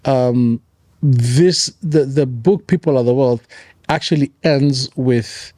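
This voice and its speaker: Earnest man with a mellow voice. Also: mid-range voice, slow, no room sound, clean studio sound. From Kenya. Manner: earnest, repeats key phrases for emphasis. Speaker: pastor and author, guest. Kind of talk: conversational storytelling.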